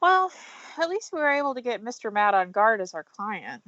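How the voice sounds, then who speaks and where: Kobieta czytająca serio młodego adwokata. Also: female voice, a little high, very animated, brisk, fairly bright tone, highs cut off, a little hiss or hum. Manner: reads lines in her own plain voice. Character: earnest young male defense lawyer. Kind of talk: let's play fan dub.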